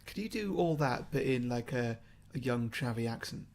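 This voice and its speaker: A man co-hosting a relaxed podcast chat, chiming in with short replies and dry questions. His voice sits at a middle pitch. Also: moderate pace, creaky. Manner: brief backchannel replies, dry quips. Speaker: podcast co-host.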